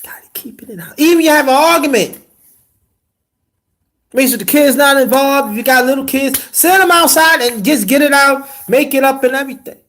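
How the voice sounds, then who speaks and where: High, bright-voiced man preaching on a livestream. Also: normal speed. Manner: preachy, drops to whispers for emphasis. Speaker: livestream host. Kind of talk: casual livestream commentary.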